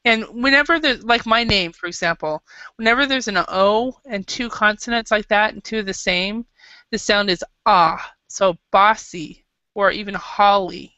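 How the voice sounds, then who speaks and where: A woman's voice: mid-range voice, moderate pace, sharp tone, no echo. An American woman teaching an English class, patient and hesitant, with many fillers and restarts. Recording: dull lo-fi classroom recording.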